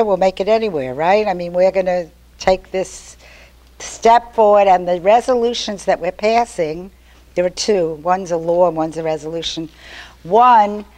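An older woman giving a chatty, storytelling talk to an activist meeting. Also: fairly low pitch. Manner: chatty, storytelling, animated quotes. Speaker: activist speaker.

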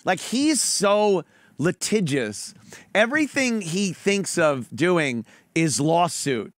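A man's voice: sits high, big pitch swings, slow pace, no room sound, studio quality. A man hosting a podcast, mocking played clips with sarcastic, profane commentary and put-on impressions. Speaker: podcast host.

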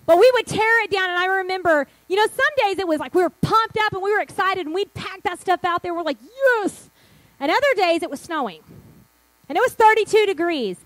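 A woman's voice: very high-pitched, fast, dry recording, poor audio. A middle-aged woman pastor telling her church's story in a sermon, acting out what people said. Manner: animated storytelling, acting out quotes.

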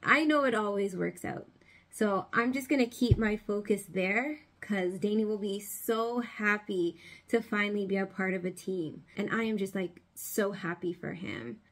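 A woman's voice: medium pitch, normal speed, fairly bright tone. A woman, a family vlogger and mother, chatting casually to the camera and her kids, often saying "like" and "guys.".

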